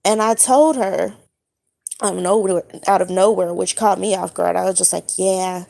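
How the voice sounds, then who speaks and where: A woman who has just woken up, recounting a dream in a casual monologue, halting and searching for her words with many fillers. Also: mid-range voice, steady tone, vocal fry, darkish tone. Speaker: spiritual vlogger.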